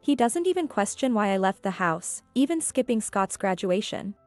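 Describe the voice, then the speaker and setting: Calm woman narrating a story. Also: mid-range voice, no room sound. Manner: calm, measured. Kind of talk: scripted first-person story narration. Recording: dry with faint music.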